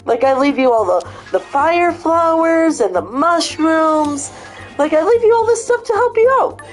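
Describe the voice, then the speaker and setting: A fretful little mushroom helper guy, put on by a woman in a high, raised voice. He pleads and reasons. The pitch sits well above her own. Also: animated, a little slow, faint music behind. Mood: pleading.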